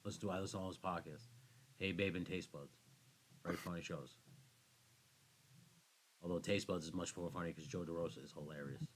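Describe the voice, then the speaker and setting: A man's voice: low voice, fairly even intonation, brisk, pauses often, breathy edge. A man co-hosting a podcast, chatting casually in a rambling, self-deprecating way. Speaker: podcast co-host. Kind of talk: casual chat.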